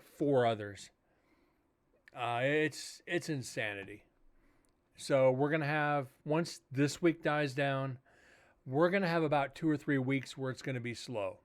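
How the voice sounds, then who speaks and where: A man's voice: mid-range voice, clear, resonant tone. A man hosting a livestream as a paranormal investigator, chatting casually and telling rambling, profane stories.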